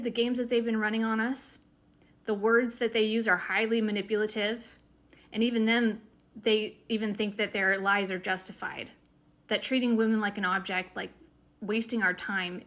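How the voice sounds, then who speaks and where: A woman's voice: medium pitch, fairly bright tone. Older woman giving earnest advice. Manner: earnest, preachy advice to younger women. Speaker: TikTok creator. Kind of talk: advice monologue to camera.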